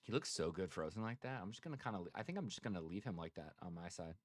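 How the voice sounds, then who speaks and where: Teasing low-voiced man co-hosting sports talk. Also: animated, quick pace, no echo. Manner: teasing, laid-back banter, calls people dude and brother. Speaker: sports show co-host. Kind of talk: casual sports chat on a live stream.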